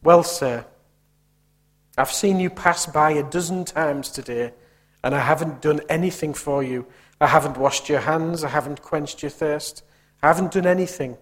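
Man doing a glum talking tap, apologetic, fairly high-pitched storybook voice. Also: normal speed, lightly acted. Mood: sorry. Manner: humble, apologetic. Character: sad apologetic male kitchen tap.

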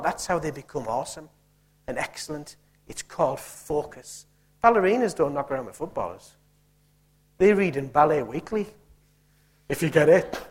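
A man's voice: fairly high pitch, slightly rough. A man preaching a sermon, emphatic and punchy, firing rhetorical questions at the room.

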